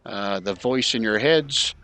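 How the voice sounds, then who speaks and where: A man's voice: on the low side, measured pace. A man acting as game master, casually opening a tabletop session and reading a recap aloud. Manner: relaxed, casual, reads recap aloud with filler uhs. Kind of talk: running a tabletop game over voice chat.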